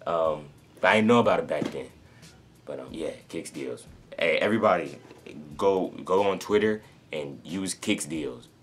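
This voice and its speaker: A man's voice: a bass voice, lively intonation, moderate pace, a little hiss or hum. A young man from North Carolina, rambling through a casual story to camera with many fillers and restarts. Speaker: sneaker vlogger.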